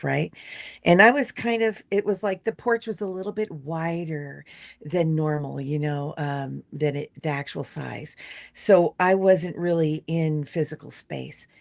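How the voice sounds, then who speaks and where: Low gravelly woman telling a dream. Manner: halting, many fillers, shifting loud and soft. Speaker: guest sharing a dream. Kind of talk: casual storytelling on a live stream. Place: home in a rural wildland area.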